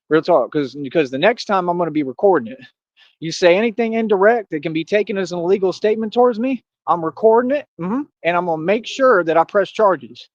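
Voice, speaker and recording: A man's voice: a little high, dry recording. A man ranting on a stream in casual street slang, boastful and confrontational, calling out critics with lots of "like" and "bro". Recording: dull lo-fi stream audio.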